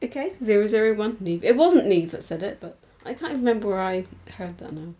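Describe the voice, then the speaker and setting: A woman co-hosting a podcast in casual chat, relaxed, laughing easily and trailing off at the ends of thoughts. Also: medium pitch, fast talker. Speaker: podcast co-host.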